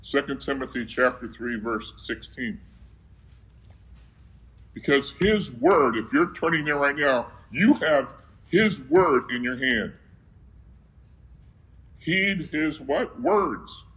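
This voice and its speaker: A man's voice: medium pitch, lively intonation, slow pace, pauses often, fairly bright tone, rough recording. A man preaching a sermon who reads scripture aloud and keeps asking his listeners questions, then answering them himself.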